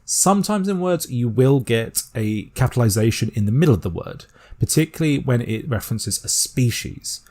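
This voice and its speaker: A British man explaining a constructed language step by step in a calm, methodical tutorial voice. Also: medium pitch, moderate pace. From Britain. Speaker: language teacher.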